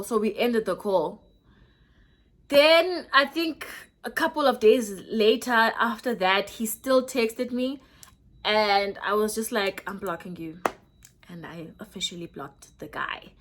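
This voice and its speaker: A young South African woman in her twenties, telling a story in a casual vlog, lively and switching between English and Xhosa. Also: fairly high pitch, measured pace. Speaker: YouTuber.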